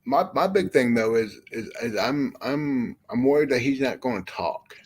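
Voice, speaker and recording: A man's voice: medium pitch, animated, moderate pace. A man chatting casually, rambling with many fillers and frequent swearing. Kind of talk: casual chat.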